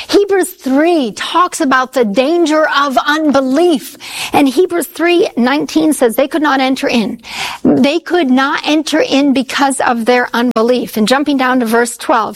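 A woman preaching a sermon, quoting scripture and slowing down to stress key words. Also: high-pitched. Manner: expressive, slows down for emphasis when quoting scripture.

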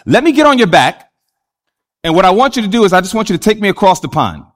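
A preacher voicing a sly, fast-talking scorpion. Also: male voice, high-pitched, sing-song. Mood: coaxing. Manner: smooth-talking and persuasive. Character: sly scheming scorpion from a fable.

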